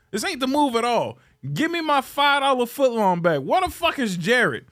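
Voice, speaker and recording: Here a podcast host with a very high-pitched voice rants at normal speed. It's casual and comedic, full of swearing, exasperation and animated complaints.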